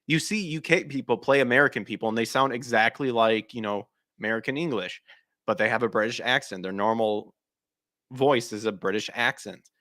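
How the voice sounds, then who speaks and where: Speaking briskly, the same sort of podcast host has a mid-range, sharp voice captured in a dry, clean studio recording. He rants about his opinions bluntly and emphatically, swearing a lot and restarting or abandoning sentences midway.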